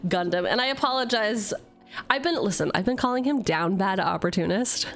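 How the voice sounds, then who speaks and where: A woman chats through a card pack opening. She swears freely and keeps up a sarcastic, animated running commentary. Faint music plays softly behind her. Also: mid-range voice, fairly quick. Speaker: vtuber opening card packs. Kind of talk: casual streaming chat.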